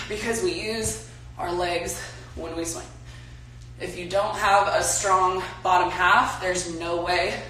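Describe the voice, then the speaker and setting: A woman's voice: medium pitch, a bit bright, distant mic. A young woman casually leading a home workout, chatty and coaching as she exercises. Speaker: softball player leading a workout. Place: home room. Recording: echoey room, mic from afar.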